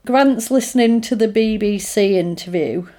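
A woman's voice: medium pitch, normal speed, dark tone. A woman in casual chat, retelling film scenes in a chatty way and acting out the characters' lines. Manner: chatty, retells scenes with acted-out quotes and laughs.

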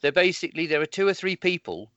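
A man's voice: fairly high pitch, big pitch swings, fast, a bit bright, dry recording. A man co-hosting a casual chat, rambling through explanations with many restarts. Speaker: podcast co-host. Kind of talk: casual chat planning a role-play. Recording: dull lo-fi sound.

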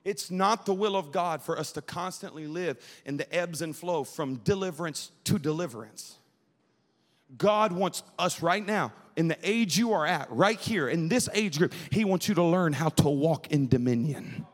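A young man preaches to a youth service with fervent, rhythmic intensity, drawing answers from his listeners. His voice sits a little high for a man. It rings out with the long reverb of a large church sanctuary. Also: expressive, normal speed, fairly bright tone. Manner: fervent, call-and-response with the crowd. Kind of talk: Pentecostal-style sermon.

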